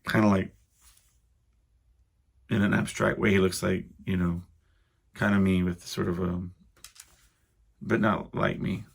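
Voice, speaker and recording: This young man hosts a solo podcast, wandering through stories packed with fillers and asides. His deep, slightly rough voice is flat and measured, with vocal fry and long pauses.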